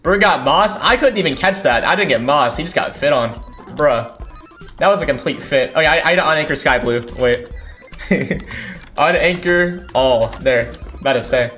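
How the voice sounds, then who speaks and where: A young man giving casual live commentary on a football game he is playing, thinking aloud and breaking into excited shouts. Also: fairly high pitch, moderate pace, soft background music. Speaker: gaming streamer. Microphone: desk mic without a condenser.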